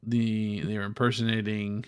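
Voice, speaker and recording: A man's voice: on the low side, level tone, normal speed, smooth. A man co-hosting a podcast in casual chat, easygoing and swearing casually. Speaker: podcast co-host.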